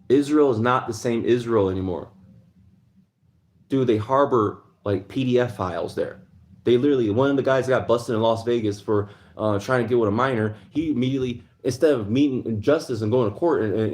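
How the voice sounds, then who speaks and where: A man's voice: medium pitch, darkish tone. A man hosting a livestream, ranting heatedly in a casual monologue and answering chat. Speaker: livestream host.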